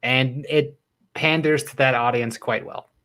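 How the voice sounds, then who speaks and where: A co-host of a movie review show, chatting in a relaxed, conversational way. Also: mid-range voice, a little slow. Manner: relaxed, conversational, laughs easily. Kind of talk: casual movie review chat.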